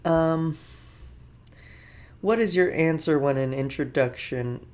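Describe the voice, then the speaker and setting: A man's voice: medium pitch, steady tone, takes it slowly. Jokey, rambling male podcast host. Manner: jokey, rambling, offhand asides. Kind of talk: casual comedic news commentary.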